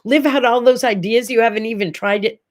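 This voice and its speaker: A middle-aged woman with a fairly high voice hosts a relaxed morning chat show. She talks straight to her camera, gushing and rambling, and keeps slipping into little asides. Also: brisk. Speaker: host. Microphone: talking to a camera.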